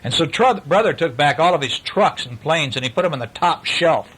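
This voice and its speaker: A father reading a picture book aloud to his young children, playful and animated, stopping to ask them questions. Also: on the high side, fairly quick, husky, low-quality recording.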